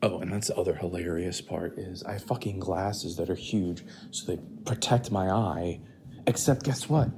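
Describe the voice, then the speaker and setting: A man's voice: deep voice, fairly even intonation, normal speed, slight background noise. An American young man hosting a podcast, rambling and joking with lots of swearing while snacking in his kitchen at night, recorded on a phone. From United States. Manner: profane, jokey, talks quietly with sudden loud bursts. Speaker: podcast host.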